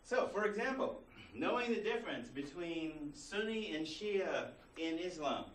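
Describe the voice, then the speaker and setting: A man's voice: fairly high pitch, lively intonation, measured pace, a little hiss or hum. A man teaching a college class in a conversational way, full of rhetorical questions. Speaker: college instructor. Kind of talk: classroom lecture. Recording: roomy classroom recording from a distance.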